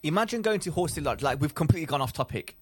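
A man co-hosting a podcast, talking in an excitable, rambling way. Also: a little high, very fast, a little hiss or hum. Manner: excitable, rambling, laughs often, trails off mid-thought. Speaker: podcast co-host. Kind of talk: casual chat.

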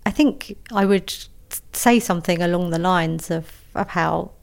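A woman talks through a story in a relaxed interview, her voice sitting low for a woman. She is chatty and self-deprecating, stumbling over restarts and fillers as she goes. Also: unhurried, gravelly. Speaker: author guest.

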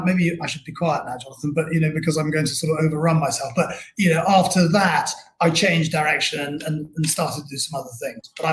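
Middle-aged English-born guest, rambling and self-deprecating, slightly high voice. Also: male voice, slight background noise. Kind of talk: casual storytelling interview.

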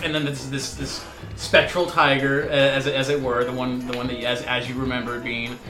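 A man narrating as game master of a tabletop game, quick and animated, often laughing. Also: medium pitch, echoey room, soft background music.

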